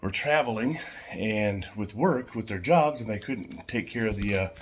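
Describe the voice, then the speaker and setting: A man's voice: on the low side, animated, moderate pace, slight background noise. Chatty man rambling about his pet birds. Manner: rambling, chatty, with fillers and soft laughs. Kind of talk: casual home vlog.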